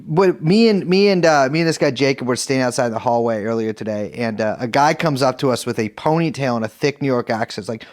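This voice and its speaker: A man's voice: mid-range voice, fast talker, hardly any pauses. A man co-hosting a podcast in casual chat, joking and swearing as he talks. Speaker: podcast co-host.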